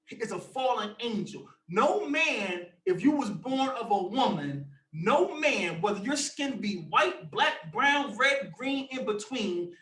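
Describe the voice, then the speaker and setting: Forceful man preaching loudly, high bright tone, heard off-mic in a reverberant room. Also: recorded from a distance. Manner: forceful, preachy, bursts into shouting. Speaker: teacher leading a religious discussion. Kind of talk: fiery preaching.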